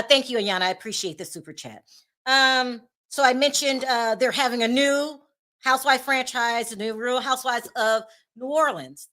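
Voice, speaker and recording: A woman's voice: fairly high pitch, bright, forceful tone. A middle-aged woman hosting a casual live-stream, chatty and emotional as she talks straight to her viewers. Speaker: YouTube gossip show host.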